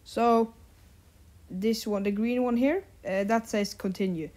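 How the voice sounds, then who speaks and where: A woman at a medium pitch gives casual commentary on her gameplay. She talks in a halting, hesitant way, full of fillers and restarts as she searches for words. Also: darkish tone. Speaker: gameplay video host.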